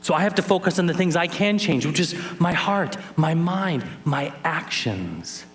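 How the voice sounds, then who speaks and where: A man's voice: on the high side, lively intonation, normal speed, fairly bright tone. A man in his thirties giving a playful keynote at a conference, teaching sign language and joking with the audience. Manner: playful, teasing, jokes with the crowd. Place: large conference hall.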